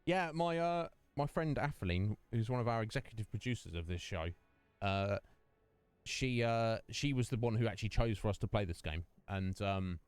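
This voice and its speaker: A man's voice: fairly low pitch, lively intonation, moderate pace, clear, resonant tone, dry recording. A man hosting a casual game livestream, chatting and joking with viewers in a rambling way. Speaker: streamer and host. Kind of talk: casual livestream chat over gameplay.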